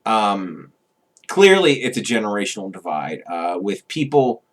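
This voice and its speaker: A man's voice: fairly low pitch, big pitch swings, a little slow. A man ranting as a vlogger, swearing often and stopping on frequent fillers. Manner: profane, agitated, many fillers. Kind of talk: political rant.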